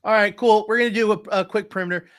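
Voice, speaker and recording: Guy doing a loud rowdy gate guard, pitched up, fast and crude, joking around in a tabletop game. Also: fairly even intonation. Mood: brisk. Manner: loud, quick, crude banter. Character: crude joking male checkpoint guard, adult.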